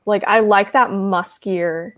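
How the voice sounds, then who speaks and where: A woman's voice: medium pitch, fairly even intonation, takes it slowly, fairly bright tone. Young woman rambling on a reading stream, lots of "like", giggles a bunch. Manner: giggly, chatty, rambling with many "like"s. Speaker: host reading live chat. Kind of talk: casual livestream chat.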